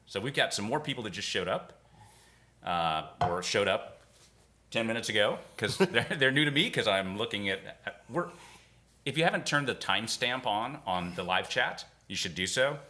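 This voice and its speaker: Wry co-host with a low, bright voice. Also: male voice, animated, moderate pace. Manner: wry, teasing banter. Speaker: co-host reading chat questions. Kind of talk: casual live Q&A chat.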